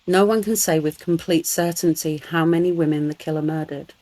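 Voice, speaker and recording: A woman with a London accent, co-hosting a podcast, earnest and relaxed as she talks through case details. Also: low voice, fairly quick, low-quality recording. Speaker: podcast co-host. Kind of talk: casual chat.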